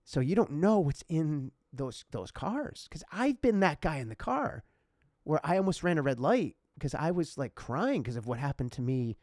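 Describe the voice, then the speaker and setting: A man's voice: on the high side, sing-song, moderate pace, darkish tone, dry recording, clean studio sound. A man hosting a casual podcast, telling a personal story in a heartfelt, emotional way. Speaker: podcast host.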